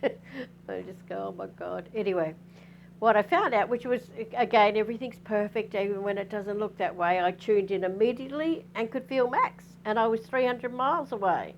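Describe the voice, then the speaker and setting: A woman's voice: medium pitch, fairly quick, lo-fi sound, slight background noise. A middle-aged Australian woman tells a personal story to her audience in a candid, rambling way, full of asides and restarts. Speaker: spiritual teacher.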